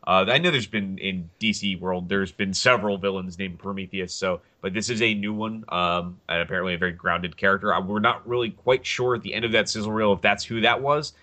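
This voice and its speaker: A man with a low, bright and forceful voice chats on a casual podcast. He rambles eagerly and gets lively when joking about favorite characters. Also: fairly quick, hardly any pauses. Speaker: podcast co-host. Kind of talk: casual chat.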